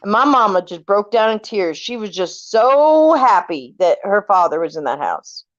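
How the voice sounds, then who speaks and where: At normal speed and medium pitch, a woman in her forties from California casually relates family ghost stories. She's animated, acts out people's words, and swears offhandedly, captured in a dull lo-fi recording with no echo.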